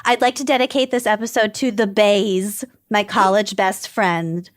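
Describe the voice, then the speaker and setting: A woman's voice: medium pitch, steady tone, moderate pace, no echo, studio quality. A woman co-hosting a podcast, chatty and giggly in casual conversation. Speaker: podcast co-host. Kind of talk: casual chat.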